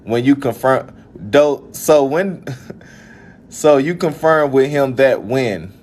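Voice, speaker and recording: A man's voice: mid-range voice, animated, takes it slowly, darkish tone. A young man from Alabama with a Southern accent, venting in a casual vlog with frustrated laughs. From Birmingham, Alabama. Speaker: event organizer.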